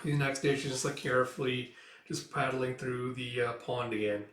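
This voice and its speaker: A man in a casual comic read-through, rambling along with constant fillers, in a mid-pitched voice. He sits away from the mic in a roomy, echoing space. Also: steady tone, moderate pace, a bit bright, a little hiss or hum. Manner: rambling, filler-heavy retelling. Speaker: reader. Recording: roomy echo, mic far off.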